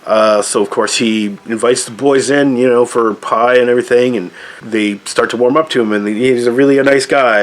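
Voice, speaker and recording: A man giving a casual movie review, talking loosely with lots of rambling asides. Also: medium pitch. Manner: loose, rambling, frequent "like" and "I don't know" asides.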